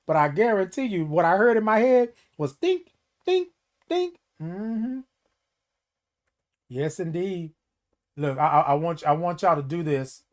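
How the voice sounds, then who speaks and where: Animated man hosting a livestream. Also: on the high side, measured pace. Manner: animated, folksy, addresses viewers as y'all. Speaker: livestream host. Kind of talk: casual livestream talk reading comments.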